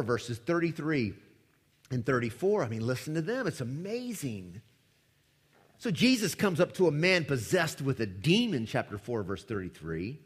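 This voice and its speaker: A man preaching a sermon with dramatic emphasis, swinging from loud declarations to hushed lines. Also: fairly high pitch, husky. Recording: echoey hall with long reverb.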